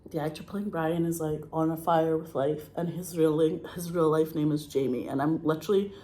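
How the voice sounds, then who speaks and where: A Scottish woman, an actress, talking casually and excitedly, gushing and swearing, with a frog in her throat. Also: sits low, a little fast. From Scotland. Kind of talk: casual monologue.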